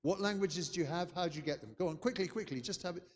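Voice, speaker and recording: A man's voice: sits high, fast, big-room sound. An older man from England, giving a chatty, anecdotal conference lecture. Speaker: keynote speaker.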